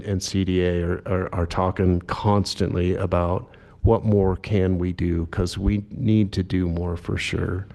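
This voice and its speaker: A man speaking at a public commission meeting, talking in a halting way with many fillers and restarts. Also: sits low, gravelly. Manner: self-described monotone delivery. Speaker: agency director at a commission meeting. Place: meeting room.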